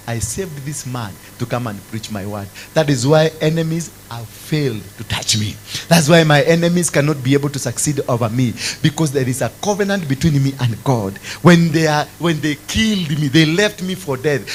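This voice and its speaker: Male preacher, fervent, a fairly high voice that leaps around, faint hum behind. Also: rough recording. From Kenya. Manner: fervent, swings from loud exclamations to low intense tones. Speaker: apostle preaching. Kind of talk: sermon.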